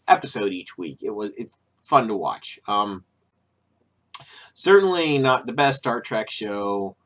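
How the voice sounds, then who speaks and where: A man's voice: on the low side, pushed and bright. A man hosting his own video, talking casually and rambling through an opinion piece with restarts, fillers and irritated, sarcastic asides. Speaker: video host.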